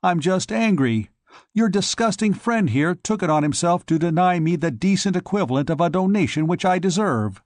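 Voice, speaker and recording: A man's voice: sits high, animated, moderate pace, darkish tone, dry recording, studio quality, voice pushed up. A man reading an audiobook, voicing a pompous, stiffly dignified man who clings to decorum and speaks in formal, prim phrases. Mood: indignant. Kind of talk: audiobook character voice.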